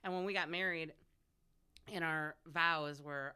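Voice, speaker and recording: Her voice is low and smooth, running a little slow. She's a radio host in her forties sitting in as a guest, trading frank and profane stories in easygoing conversation and laughing frequently as she spins them.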